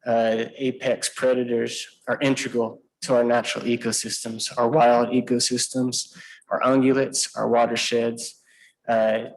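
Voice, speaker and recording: Man, naturalist giving public comment, earnest and hesitant, flat even delivery. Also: medium pitch, unhurried, low-quality recording. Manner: earnest, with frequent uh and um fillers.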